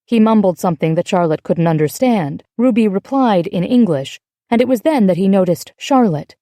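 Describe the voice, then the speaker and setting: A woman narrating an audiobook in an even, measured storytelling manner, recorded on a close mic. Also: medium pitch, no echo. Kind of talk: scripted narration.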